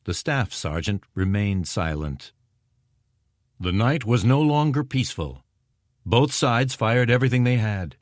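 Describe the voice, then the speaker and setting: A man narrating an audiobook in a steady, measured scripted reading. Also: lowish voice, no room sound, clean studio sound.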